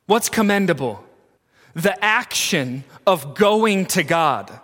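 A man's voice: high voice, lively intonation, takes it slowly, a bit bright, long reverb tail. A man preaching a sermon as pastor, emphatic and asking his listeners questions. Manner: emphatic, asks the congregation questions.

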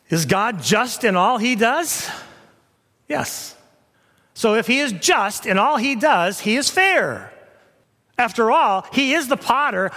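A man preaching a sermon as pastor, dramatic, swinging from loud emphasis to near whispers. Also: high voice, long reverb tail.

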